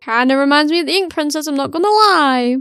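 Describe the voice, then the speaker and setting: A woman's voice: high-pitched, lively intonation, fast, fairly bright tone, no echo, studio quality, soft background music. A woman streamer giving chatty gameplay commentary that swings into heated outbursts. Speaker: let's play streamer.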